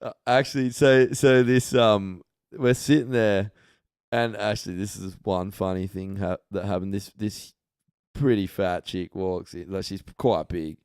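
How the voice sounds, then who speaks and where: An Australian man telling animated, profanity-laced anecdotes on a casual podcast. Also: on the low side, a little slow, clean tone, no room sound, studio quality. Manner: swears a lot, animated anecdotes. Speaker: podcast host.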